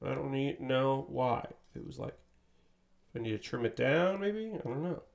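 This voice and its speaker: A man's voice: medium pitch, lively intonation, moderate pace, creaky. A man streaming, casually chatting while he builds a model kit, rambling with lots of fillers and a bit of swearing.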